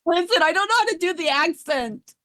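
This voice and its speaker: A woman's voice: very high-pitched, expressive, fairly quick, crowd noise. A woman narrating as game master, chatty and rambling, laughing often.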